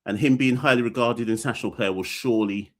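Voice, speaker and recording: A man's voice: mid-range voice, fast. A man hosting a live cricket podcast stream, reading super chats and giving blunt opinions in slangy, playful talk. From Caribbean. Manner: joking, playful fake fitness-instructor bit. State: out of breath. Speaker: podcast host.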